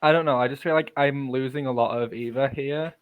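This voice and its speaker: A man's voice: mid-range voice, fairly even intonation, smooth, narrow, tinny audio. Chatty male podcast co-host. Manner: chatty, playful, quick to correct others. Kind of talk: casual chat.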